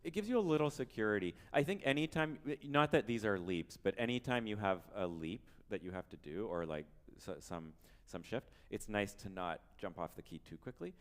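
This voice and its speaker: A man with a fairly low voice coaches a piano masterclass gently and encouragingly, singing and humming phrases to demonstrate a passage. It takes place in a piano showroom recital space, recorded in a roomy hall with piano playing in the background.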